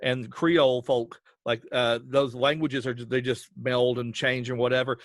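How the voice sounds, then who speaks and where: A man with an Appalachian accent, a podcast creator and guest, chatting in an animated storytelling way. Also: medium pitch, moderate pace, dry recording, clean studio sound. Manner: animated storyteller, does voices. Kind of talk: casual interview chat.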